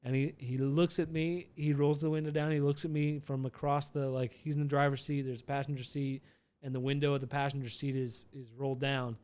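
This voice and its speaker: A man's voice: mid-range voice, level tone, a little fast, a little mellow, clean tone. A man telling a casual, rambling vlog story with many restarts and some profanity.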